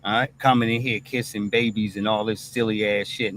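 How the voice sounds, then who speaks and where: On a streamed commentary monologue, the male host speaks in a lowish, fairly bright voice at a fairly quick clip with fairly even intonation. He's blunt and swears a lot, tacking "all right?" onto nearly every point. There's slight background noise.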